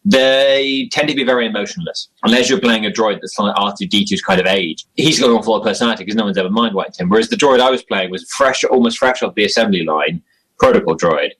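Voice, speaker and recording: Quick-paced and husky, this young man's voice sits on the low side with a slight brightness, captured on a low-quality recording. As an interview guest he chats casually and ramblingly about his role-playing game character, self-deprecating and full of chuckles.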